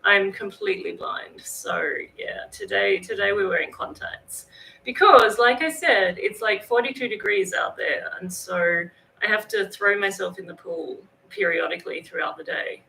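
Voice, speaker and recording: A woman's voice: mid-range voice, animated, normal speed, vocal fry, sharp tone, a little hiss or hum, rough recording. A woman with an Australian accent, chatting casually on a livestream, greeting viewers by name. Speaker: livestream host. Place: home in northern Thailand.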